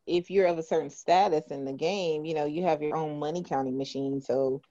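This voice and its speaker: A woman's voice: deep voice, fairly even intonation, brisk, warm tone, no echo, highs cut off. A woman co-hosting a podcast in casual chat, laid-back with many fillers. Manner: laid-back, lots of "you know". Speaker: podcast co-host.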